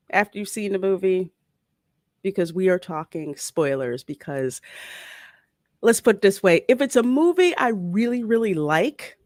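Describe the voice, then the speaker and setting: A woman's voice: mid-range voice, no echo, clean studio sound. A woman hosting a casual live-stream movie chat, greeting viewers by name and giving blunt, opinionated takes.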